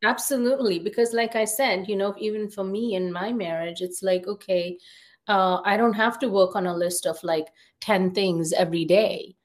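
A woman therapist in her thirties chats on a podcast at an ordinary middle pitch. She talks in loose, looping sentences full of fillers and self-corrections, thinking out loud as she goes. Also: steady tone, moderate pace. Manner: chatty, many fillers and restarts. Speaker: podcast guest, therapist and coach. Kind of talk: casual conversational interview.

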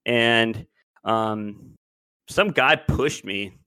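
A man's voice: medium pitch, drawn-out words, bright, forceful tone, clear, resonant tone, no echo. A man in his twenties telling a long story in casual podcast chat, rambling and loose. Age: 20s. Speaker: podcast co-host.

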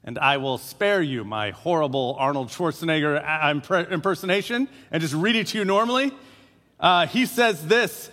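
High-voiced pastor in a reverberant hall. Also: male voice, expressive, normal speed, fairly bright tone. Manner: conversational, frequent filler uhs. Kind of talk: sermon.

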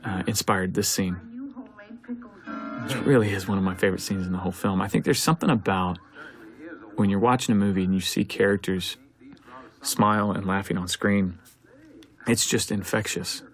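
A man's voice: low-pitched, steady tone, normal speed, long pauses, faint music behind. A man, a film director, giving an earnest, reflective audio commentary, thinking aloud as he talks.

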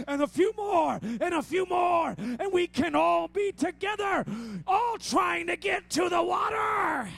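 A man preaching a sermon at a church service into a handheld mic, fervent and building to shouts with repeated refrains, out of breath. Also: extremely high pitch, creaky. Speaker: pastor. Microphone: handheld microphone. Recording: musical instrument playing behind.

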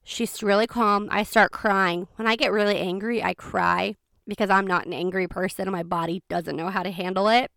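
A woman telling a personal story in a chatty, expressive way, speeding up in quick bursts. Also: medium pitch, gravelly, smooth, dry recording, studio quality. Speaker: vlogger. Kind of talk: casual storytime.

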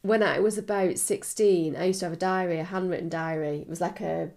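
A woman's voice: fairly low pitch, steady tone, fairly quick, vocal fry, a little mellow. A woman co-hosting a chatty podcast, her voice stuffy and nasal from a cold. She talks in an open, candid way, with plenty of fillers and frequent giggling. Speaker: podcast co-host. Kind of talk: casual chat.

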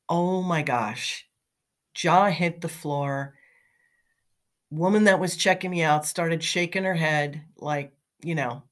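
A middle-aged woman talking in a chatty, motivational way, telling anecdotes with fillers and light laughs. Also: low voice. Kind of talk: casual motivational storytelling.

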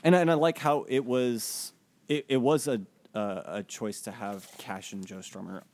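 A man's voice: mid-range voice, steady tone, measured pace, a little mellow. A man co-hosting a podcast, talking casually and hesitantly with many fillers. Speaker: podcast co-host. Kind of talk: casual chat.

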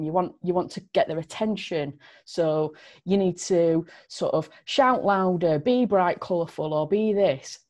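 A woman's voice: fairly low pitch, warm tone. A woman hosting a podcast, explaining in an earnest, emphatic way. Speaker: podcast host. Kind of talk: casual chat.

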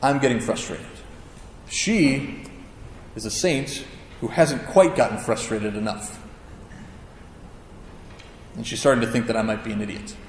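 Pastor telling a story in an echoing hall. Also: male voice, medium pitch, a little slow, long pauses, slight background noise. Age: adult with a child. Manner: conversational storytelling with self-deprecating humor. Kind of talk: sermon. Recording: echoey hall with long reverb.

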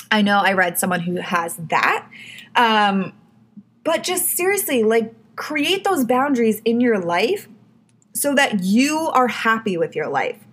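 A woman's voice: fairly high pitch, expressive, measured pace, a bit bright, breathy edge. A woman hosting her own podcast, giving casual advice in a chatty way, full of "like" and "you know". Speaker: podcast host.

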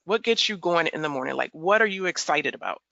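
An enthusiastic woman hosts a podcast interview, with a gravelly, bright voice that has some fry in it. The sound is dry and a little dull, as if from a lo-fi mic. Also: sits low, expressive, fairly quick, no room sound. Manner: enthusiastic, upbeat introductions. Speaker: podcast host.

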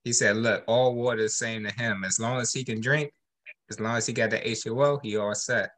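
Bright-voiced man, teasing podcast co-host. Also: fairly low pitch, fairly even intonation, fairly quick. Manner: teasing, lecturing, repetitive. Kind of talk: casual chat and rant.

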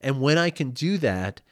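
Man host, candid rambling storyteller, laughs through it, dry close sound, mid-pitched. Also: dry recording. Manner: reflective, rambling with many fillers and frequent laughs. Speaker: podcast host. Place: home.

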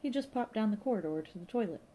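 A woman's voice: mid-range voice, animated, fast, mellow, a little hiss or hum, voice pushed up, close to an everyday voice. A woman doing a breezy, gossipy receptionist. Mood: chatty. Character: chatty flirtatious female museum shop receptionist.

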